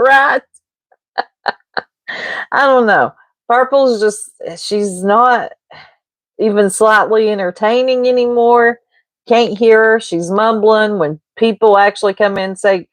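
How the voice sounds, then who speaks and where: A woman livestreamer chats casually and unhurriedly with viewers, gossiping, drifting from topic to topic and laughing now and then. Her mid-pitched voice is dry and close to the mic, suggesting a relaxed home streaming setup with a dry recording.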